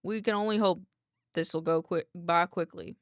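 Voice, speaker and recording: A woman's voice: medium pitch, fairly even intonation, racing, creaky, a little mellow, no room sound, clean studio sound, lightly acted. A woman voicing a nerdy male head researcher with a nasal voice, politely formal and apologetic.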